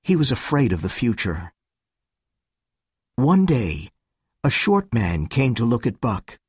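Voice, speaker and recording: A man reading a storybook aloud slowly and carefully for English learners. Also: medium pitch, sing-song, no room sound, clean studio sound. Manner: slow, careful, clearly paced reading.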